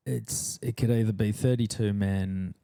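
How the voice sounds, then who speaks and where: A man, a surf commentator guesting on a podcast, giving thoughtful, measured explanations. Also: lowish voice, steady tone, creaky, mellow. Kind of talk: casual podcast interview.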